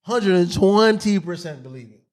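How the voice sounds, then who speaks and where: A man co-hosting a podcast, telling stories loudly in casual banter among friends. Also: sits high, normal speed. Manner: loud, animated storytelling with frequent laughter. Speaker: podcast co-host.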